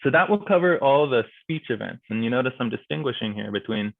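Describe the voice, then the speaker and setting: A man's voice: medium pitch, expressive, fast, creaky, no echo. A young man casually explaining how to judge speech events to a club meeting, filling his talk with "like" and "kinda". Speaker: guest speaker on speech and debate judging. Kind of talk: informal presentation at a virtual club meeting. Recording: thin phone-like video call audio.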